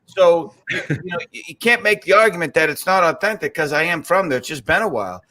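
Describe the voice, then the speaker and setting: A man's voice: on the high side, quick pace. A man from South Boston with a Boston accent, a guest chatting casually and telling stories. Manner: animated storyteller, slips into other voices. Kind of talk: casual chat.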